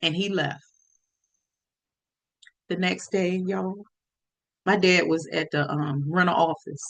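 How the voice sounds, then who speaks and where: A woman telling a personal story on her podcast, lively and speaking straight to her listeners. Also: fairly low pitch, a little slow, vocal fry. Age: adult.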